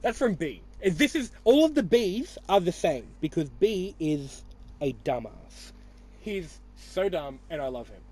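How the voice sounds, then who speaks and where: A young man with an Australian accent and a high-pitched voice rambles through a casual podcast chat. He teases his friends and swears freely, trailing off and restarting as he talks. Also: sing-song, unhurried, a little mellow. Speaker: podcast host.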